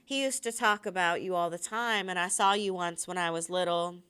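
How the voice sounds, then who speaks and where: A woman reading aloud, voicing a wary but proud young woman who speaks calmly and plainly. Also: fairly low pitch, normal speed, clean tone, natural voice. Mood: earnest.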